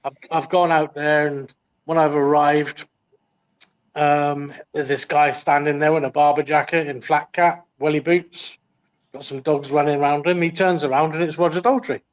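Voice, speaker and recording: A man's voice: fairly high pitch, steady tone, normal speed. A middle-aged man telling a long anecdote as a guest on a casual livestream, rambling with many ums. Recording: dull lo-fi sound.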